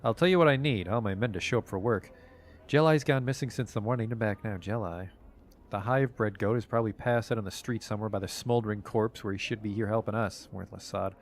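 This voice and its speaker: A man reading out a huge, gruff male dock foreman in a video game, talking brusquely and scornfully. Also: fairly low pitch, fairly quick, natural voice.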